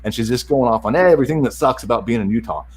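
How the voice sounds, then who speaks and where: A middle-aged man telling a family story in a casual interview, animated and acting out the other voices in it. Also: medium pitch, fast, husky, poor audio. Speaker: podcast guest.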